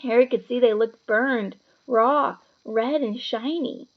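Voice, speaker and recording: A woman reading a children's book aloud with expressive, dramatic storytelling. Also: a little high, takes it slowly, phone-quality sound. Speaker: storybook reader.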